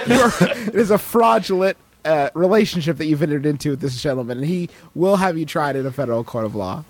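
Man, podcast co-host, playful riffing, lively pitch, slightly high. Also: a little fast, dry recording. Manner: playful, riffs with mock-formal phrasing. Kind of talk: comedic advice podcast chat.

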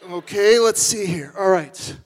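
An actor playing a goofy, boastful tavern regular who rambles in absurd, deadpan tangents in live improv comedy. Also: male voice, high-pitched, unhurried.

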